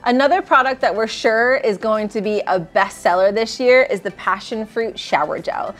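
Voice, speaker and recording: A woman presenting gift products, bubbly and gushing over how cute and delicious everything is. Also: mid-range voice. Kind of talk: enthusiastic product showcase.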